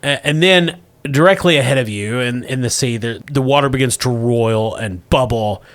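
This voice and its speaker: A man with a mid-range, fairly bright voice narrates a tabletop game as game master at a moderate pace, describing scenes vividly.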